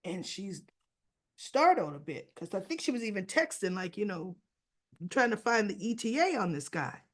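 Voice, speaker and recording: A woman giving a chatty, casual recap of a TV soap episode, often clearing her throat. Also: mid-range voice, sing-song, normal speed. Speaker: soap opera reviewer.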